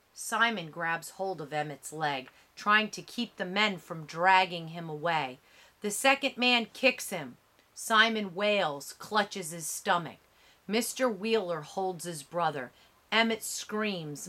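A woman narrating an audiobook with a measured, dramatic reading. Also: mid-range voice, lively intonation, sharp tone.

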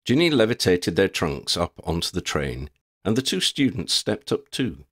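Lively low-voiced man reading a story. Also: moderate pace, slightly rough, no echo, studio quality. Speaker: audiobook narrator. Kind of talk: storybook narration.

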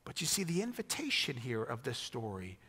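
A man from the United States preaching a sermon as a pastor, reflective and restarting phrases, turning animated when he quotes other people. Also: medium pitch, fairly quick, slightly rough, in a large hall.

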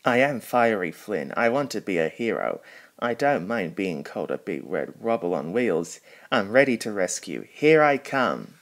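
A man's voice: low-pitched, sing-song, normal speed. A man reading aloud, voicing a brave but nervous male fire engine in a storybook, in an earnest, plain way.

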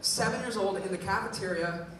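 A man's voice: sits high, a little fast, slight background noise. A man from the Bay Area performing a live stand-up set, telling punchy, self-deprecating stories. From San Francisco Bay Area. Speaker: stand-up comedian. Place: comedy club stage. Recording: echoey club, far mic, loud crowd.

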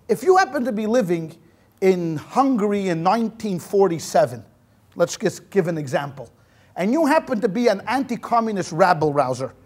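Animated high-voiced man lecturing. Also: slightly rough. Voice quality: uses Yiddish words. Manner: animated storyteller acting out quotes, many restarts. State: sweating in a hot room. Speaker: rabbi lecturer. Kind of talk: storytelling history lecture.

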